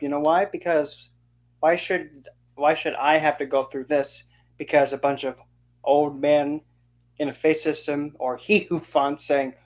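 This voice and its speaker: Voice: mid-range voice, flat delivery, unhurried. An occult channel host delivering an indignant, sarcastic opinion rant to camera, often mocking others by quoting them in put-on voices. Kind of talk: ranting opinion monologue.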